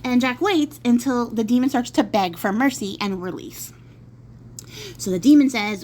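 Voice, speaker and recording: A woman's voice: a little high, normal speed, a little mellow. Chatty woman telling a folk tale. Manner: chatty, playful asides. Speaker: storyteller. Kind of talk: casual spoken storytelling.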